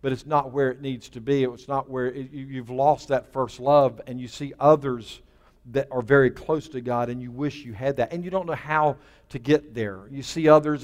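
A male pastor preaching a sermon, building to emphatic bursts and then dropping low and quiet. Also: in a large hall. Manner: emphatic, with rising bursts and dropping to a near hush.

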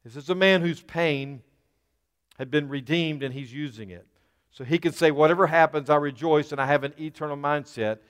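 Rising into fervor as he preaches to the congregation, this male pastor has a fairly high, somewhat bright, clean voice at normal speed. The church sanctuary gives the recording a large hall's long reverb.

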